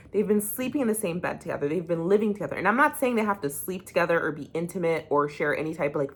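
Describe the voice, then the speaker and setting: A woman's voice: on the low side, a bit bright. A young woman recapping a reality show, talking bluntly and heatedly and swearing freely. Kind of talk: casual opinionated commentary.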